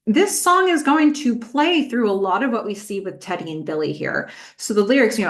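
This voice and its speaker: A woman hosting a rewatch podcast, recounting scenes in a conversational way with frequent filler words. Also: medium pitch. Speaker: podcast host. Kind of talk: recap podcast commentary.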